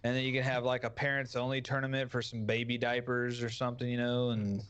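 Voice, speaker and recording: A man's voice: medium pitch, little pitch movement, fast talker, a bit bright, clean tone. A man, a guest streamer, chatting casually in a crude, jokey way with frequent swearing. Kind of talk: casual podcast chat.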